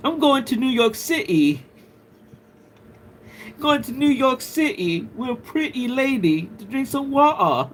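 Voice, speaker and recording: A man with a Puerto Rican accent voicing a prim, posh British gentleman in a sing-song, mincing put-on British accent. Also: very high-pitched, very animated, a little slow, a little hiss or hum, pitched above the performer's own voice, exaggerated voice. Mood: chirpy.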